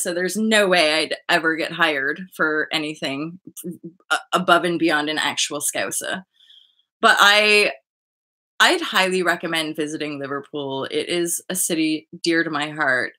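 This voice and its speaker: A woman hosting a spiritual livestream, chatting casually and rambling with her viewers, often jumping into high excited asides. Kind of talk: casual chat with live viewers.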